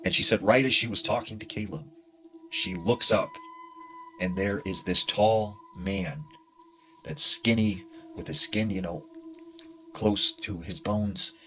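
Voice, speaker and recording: A man narrating a spooky true story in a hushed, dramatic way with casual fillers. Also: on the low side, a little slow, long pauses, a little hiss or hum.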